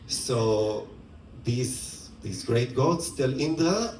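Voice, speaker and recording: Playful male storyteller: lively high voice, slow telling, distant roomy mic. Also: slight background noise. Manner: animated, playful, laughing asides. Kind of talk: retelling a myth to an audience.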